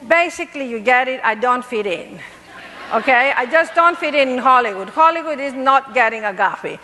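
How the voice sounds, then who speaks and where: A middle-aged woman from Greece with a Greek accent, telling her life story to an audience in an animated, playful way. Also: high voice, normal speed, big-room sound, a faint crowd, slight background noise. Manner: animated, playful, laughs at herself. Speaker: motivational speaker.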